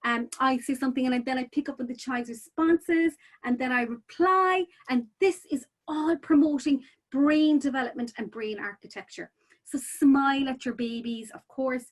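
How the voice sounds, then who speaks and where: A woman presenting a childcare webinar in a chatty, informal way, full of "you know" fillers and restarts. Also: sits high.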